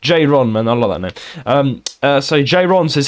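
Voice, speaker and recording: A man's voice: medium pitch, animated. Young man, kent accent, podcast co-host, rambling, laughing a lot. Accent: Kent English. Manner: laughs often, quick and rambling. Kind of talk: casual chat.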